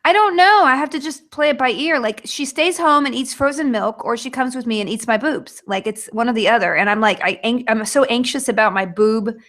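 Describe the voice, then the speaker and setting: A woman's voice: a little high, fairly quick, hardly any pauses, fairly bright tone. A woman in her thirties hosting a book club over a video call, chatty and rambling, laughing often. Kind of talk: casual video chat.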